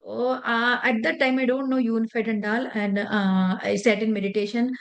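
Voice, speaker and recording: A woman's voice: a little high, steady tone, brisk, few pauses. A woman, teaching meditation in an earnest, conversational way with a personal story. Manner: earnest, conversational, loose grammar. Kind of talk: spiritual lesson with personal story.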